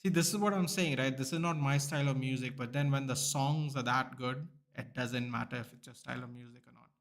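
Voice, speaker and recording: A man's voice: mid-range voice, a little fast. A young man, chatting casually to viewers during a live football watchalong stream. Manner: chatty, reacting aloud to chat, many restarts and "bro", "dude".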